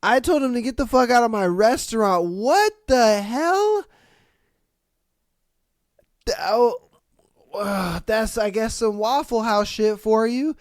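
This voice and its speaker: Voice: medium pitch, moderate pace, no room sound, clean studio sound. Profane, incredulous podcast host. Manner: profane, loudly incredulous reactions. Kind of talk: reading and reacting to stories.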